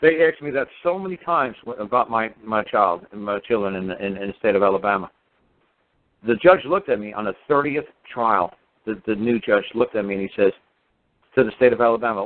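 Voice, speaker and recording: A man's voice: on the low side, fairly quick. Intense man talking over a phone line. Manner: emphatic, intense, repeats himself for force. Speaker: radio show guest speaker. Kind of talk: impassioned talk radio storytelling.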